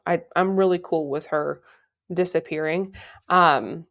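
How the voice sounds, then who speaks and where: A woman's voice: low-pitched, measured pace, creaky, a bit bright. A woman hosting a solo podcast, talking to her listeners in a heartfelt, reflective way and repeating phrases for emphasis. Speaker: podcast host.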